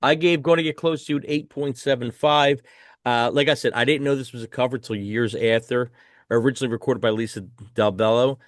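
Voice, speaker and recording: A man's voice: mid-range voice, fairly even intonation, brisk, no echo, studio quality. A man hosting a casual album review chat, enthusiastic and swearing casually as he hands rankings to his co-host. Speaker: podcast host.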